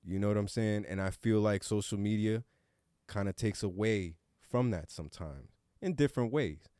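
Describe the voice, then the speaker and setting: This adult co-host with a young son speaks at a normal speed in a lowish, warm, clean voice. His talk at the casual podcast roundtable is earnest and reflective, with casual swearing now and then, captured as clean studio sound with no room sound.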